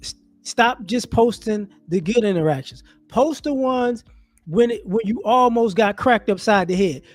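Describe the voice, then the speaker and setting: A man giving casual monologue commentary as an online commentator, animated and rhetorical, often restarting his sentences. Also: sits high, unhurried, dry recording, faint music behind.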